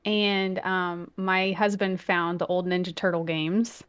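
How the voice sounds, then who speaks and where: A woman in her thirties co-hosting a podcast, chatting casually with many "um"s and turning lively when she quotes her family. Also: fairly low pitch, slow, clean tone. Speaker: podcast co-host. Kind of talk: casual chat.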